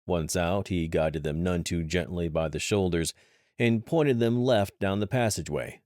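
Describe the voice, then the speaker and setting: Deep-voiced man narrating an audiobook. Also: moderate pace, dry recording, studio quality. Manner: steady storytelling. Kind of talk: scripted narration.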